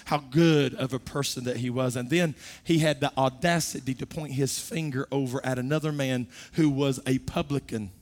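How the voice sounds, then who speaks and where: A middle-aged man preaching a sermon, his voice swelling from soft to loud as he makes his point. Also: medium pitch. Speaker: pastor.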